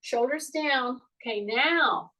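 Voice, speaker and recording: A woman's voice: sits high, slow pace, bright, forceful tone. An older woman, a fitness instructor, leads a live online exercise class, repeating posture cues and teasing her students now and then. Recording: voice from a distance off the mic.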